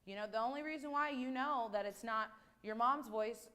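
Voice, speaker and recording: A woman gives a children's sermon in a church. Her voice sits a little high, and her delivery is gentle and conversational. She asks the children simple questions and draws them in. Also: moderate pace. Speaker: children's message leader. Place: church sanctuary.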